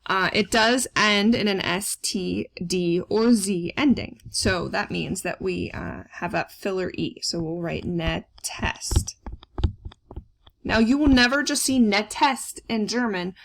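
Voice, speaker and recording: A woman's voice: mid-range voice, slow pace, vocal fry. A woman teaching German grammar in a recorded lesson, explaining step by step with frequent fillers.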